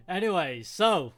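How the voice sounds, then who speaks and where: A man's voice: sits high, fairly bright tone. A British man hosting a live stream, chatting casually and animatedly, acting out quoted people in raised voices. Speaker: stream host. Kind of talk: casual chat.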